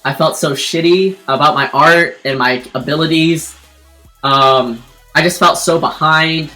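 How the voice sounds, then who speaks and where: Woman, casual stream chat, rambling with fillers and restarts, bright tone, faint background music. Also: deep voice, measured pace. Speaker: streamer and artist.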